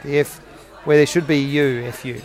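Gravelly rambling man in his forties. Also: medium pitch, steady tone, normal speed, a little mellow, a faint crowd. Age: 40s. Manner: rambling, jokey, self-mocking. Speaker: podcast host. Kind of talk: solo podcast monologue. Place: cafe.

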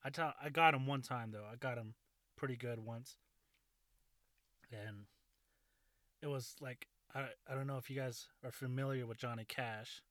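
A man's voice: medium pitch, fairly even intonation, normal speed, pauses often, a bit bright, no room sound. Man, 30s, casual profane storyteller, rambling delivery, dry recording. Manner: rambling, profane, laughing often.

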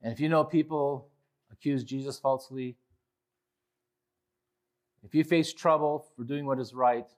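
A male pastor preaching a sermon, swinging from quiet reflection to loud, impassioned pleading. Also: fairly even intonation, normal speed, pauses often. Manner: impassioned preaching, rising loud when voicing the psalmist; drops low and quiet on reflective points.

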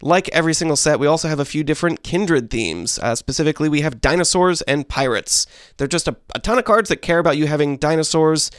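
A man co-hosting a casual podcast chat, explaining things at length in a measured, dryly joking way. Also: on the high side, clear, resonant tone, no room sound, studio quality. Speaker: podcast co-host.

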